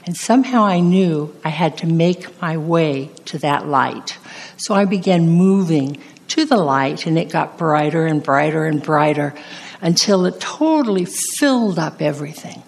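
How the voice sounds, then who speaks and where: Woman pastor, sermon delivery, low voice, unhurried, earnest testimony. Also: lively intonation, gravelly. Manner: slow, earnest personal testimony.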